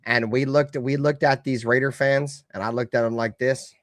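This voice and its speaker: A man hosting a live fan stream, ranting with heavy cursing, swinging between loud outbursts and low mutters. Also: steady tone, normal speed, hardly any pauses, no room sound. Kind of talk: profane fan rant.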